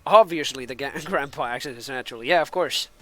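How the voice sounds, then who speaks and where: A man's voice: medium pitch, a little fast, no room sound, faint music behind. A man from Finland, a native Finnish speaker with American-sounding English, rambling in casual stream chatter as an esports caster between matches and laughing at himself.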